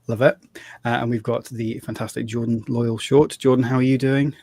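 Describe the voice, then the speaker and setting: A man with a husky voice hosts a live tabletop role-playing stream, setting up the game. He talks casually and loosely, stopping to restart sentences and dropping in fillers as he goes. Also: mid-range voice, flat delivery, normal speed, darkish tone, dry recording. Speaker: host and game master.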